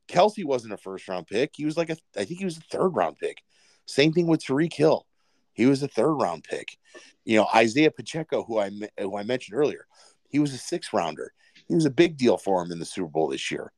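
A man's voice: fairly low pitch, darkish tone, dry recording. A man co-hosting a casual sports podcast, rambling with many fillers and restarts. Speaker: podcast co-host.

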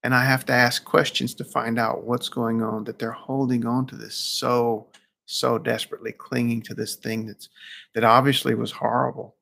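A man's voice: mid-range voice, level tone, moderate pace, vocal fry, fairly bright tone. A man who works as a counselor gives a reflective talk and tells a story, with frequent restarts.

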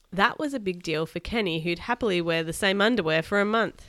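Give me a woman reading a children's book aloud, expressive, recorded dry and close. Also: mid-range voice, moderate pace, no echo. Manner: expressive, chatty asides to viewers. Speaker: storybook reader.

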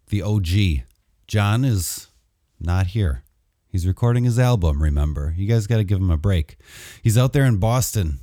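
Brief: low, dry-sounding male host, rambling deadpan delivery, casual web show. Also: dry recording.

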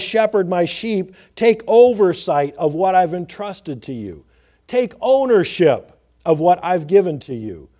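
A male preacher delivering a sermon, reading scripture in old-fashioned wording and swinging from loud, emphatic preaching to hushed, intimate asides. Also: a little high.

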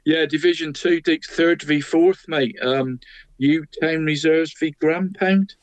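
A man with a slightly high, steady voice speaks slowly as co-host of a local football show, casually rounding up the weekend's results. He calls his co-host "mate" at every turn, and the recording is dry, dull and lo-fi with no echo.

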